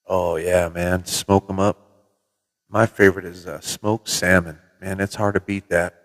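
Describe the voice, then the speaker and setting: A middle-aged man from Minnesota hosts a casual livestream from his CB radio shop, spinning relaxed, folksy stories with the odd swear word. His voice sits a little low. The room gives it a long, hall-like reverb. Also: a little slow. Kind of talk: casual livestream chat with viewers. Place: CB radio shop in New Mexico.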